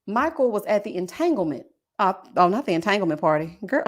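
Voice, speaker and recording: A woman's voice: medium pitch, big pitch swings, a little fast. A woman hosting a casual live-stream commentary, reading chat comments in a sassy voice and laughing often. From Texas. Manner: sassy, laughs often, puts on voices when quoting people.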